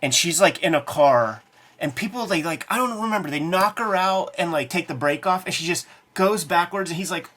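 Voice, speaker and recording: A man's voice: high-pitched, lively intonation, normal speed, a bit bright. A man co-hosting a casual chat about comics as a cartoonist, talking profanely and acting out tough-guy lines from movies. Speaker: cartoonist co-host.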